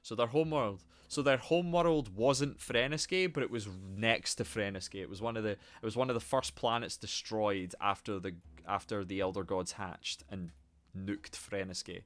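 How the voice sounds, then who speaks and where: A man's voice: fairly low pitch, moderate pace, fairly bright tone. A man streaming a game live, commenting casually in a rambling, sweary way.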